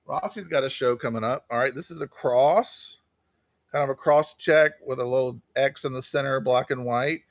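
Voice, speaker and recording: A man's voice: mid-range voice, dry recording, clean studio sound. Chatty man calling auction bids. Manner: quick bid-calling, chatty, greets viewers by name. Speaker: live online auction seller. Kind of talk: casual live-stream auction patter.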